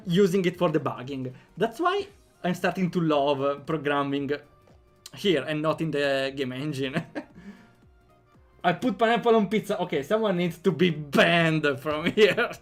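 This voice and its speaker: A young man with an Italian accent chatting playfully on a livestream while programming, laughing often and joking with chat. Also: a little high. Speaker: game developer streamer.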